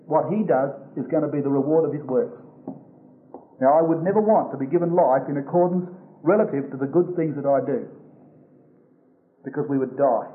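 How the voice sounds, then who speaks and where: Male preacher, higher-pitched, expository sermon style, slows for quoted verses; tinny phone-like recording. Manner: slows to stress quoted scripture.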